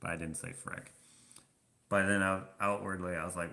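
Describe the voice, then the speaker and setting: A man rambling through a casual live-stream chat with viewers, self-deprecating and quick to laugh. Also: sits low, level tone, gravelly, pushed and bright. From Canada. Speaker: vlogger answering live chat.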